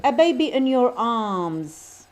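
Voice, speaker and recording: A woman teaching an English lesson, slowly modeling sentences, repeating them for practice and adding quick explanations. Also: fairly high pitch, big pitch swings. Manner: slow careful model sentences, quick asides in Arabic; repeats phrases for drilling. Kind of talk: bilingual classroom lesson.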